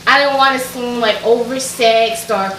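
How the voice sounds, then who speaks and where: A woman's voice: a little high, fairly even intonation, a little slow, fairly bright tone, far from the mic, a little hiss or hum. A woman with a Southern US accent from Alabama, chatting bubbly and straight to her viewers as she walks through a cooking tutorial at her stove. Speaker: cooking vlogger. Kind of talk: casual cooking tutorial chat. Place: home kitchen, at the stove. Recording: echoey kitchen, mic set back, sizzling pan. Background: frying and sizzling food.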